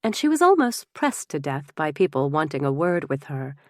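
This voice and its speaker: A woman narrating a historical novel in first person, measured and expressive. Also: sits low, dry recording, clean studio sound. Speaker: audiobook narrator.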